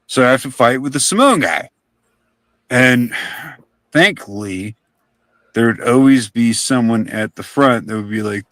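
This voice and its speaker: A man's voice: mid-range voice, expressive, measured pace, pauses often, fairly bright tone, no room sound. A young man chatting casually on a live stream, telling rambling stories and swearing offhandedly. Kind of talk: casual storytelling chat.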